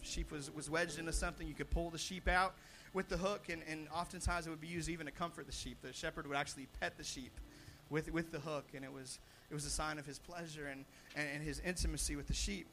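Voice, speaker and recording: A young man preaching a sermon as pastor, animated, with frequent restarts and repeated words, swelling loud on his points. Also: a little high, quick pace, few pauses, a little hiss or hum.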